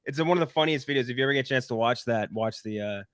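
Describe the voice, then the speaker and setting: A man co-hosting a podcast, chatting casually about movies, animated, laughing as he tells anecdotes. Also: mid-range voice, racing, no room sound, clean studio sound. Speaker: podcast co-host.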